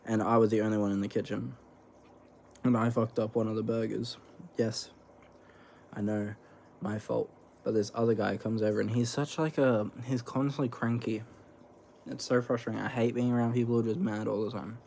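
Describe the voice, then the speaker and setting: Mellow-voiced young man rambling casually. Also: on the low side, level tone, normal speed, vocal fry, a little hiss or hum. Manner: rambling, slangy and swearing. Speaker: vlogger. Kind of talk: casual eating vlog chat.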